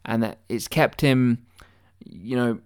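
A man's voice: medium pitch, slow, clean tone. Rambling mock-earnest male comic monologue. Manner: mock-earnest, rambling with stammered restarts, swearing. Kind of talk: deadpan satirical conspiracy monologue.

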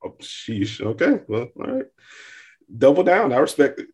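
A man's voice: medium pitch, huge pitch swings, normal speed, a little mellow, slightly rough, muffled recording. A young man co-hosting a podcast, talking casually with lots of hedging and amused asides. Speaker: podcast co-host. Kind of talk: casual chat.

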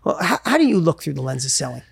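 A man's voice: fairly high pitch, rapid-fire, gravelly, slightly rough, no echo, clean studio sound. A man hosting a podcast in casual conversation, telling stories and acting out what people said. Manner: animated storyteller, acts out quotes. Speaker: podcast host.

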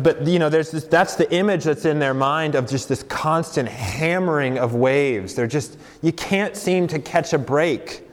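A young adult man preaching a conversational sermon as a campus pastor, with frequent fillers and self-corrections. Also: fairly high pitch. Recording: long hall reverb.

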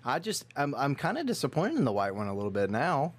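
Joking, animated man hosting a beer tasting. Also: medium pitch, fast, crowd noise. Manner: joking, animated, easily excited. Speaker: host. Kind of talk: casual chat, beer tasting.

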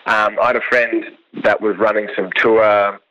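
A young Australian man, a cattle station worker, telling a long story in a relaxed, rambling way and laughing often. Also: fairly low pitch, normal speed, highs cut off. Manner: laid-back, rambling, laughs often, quotes others in lively voices. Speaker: cattle station ringer, guest. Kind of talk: casual storytelling.

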